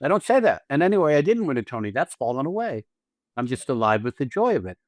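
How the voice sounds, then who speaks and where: A man's voice: mid-range voice, sing-song, quick pace, no room sound, studio quality. A man hosting a podcast as an acting teacher, talking casually and animatedly, swearing freely and acting out little scenes with quoted lines.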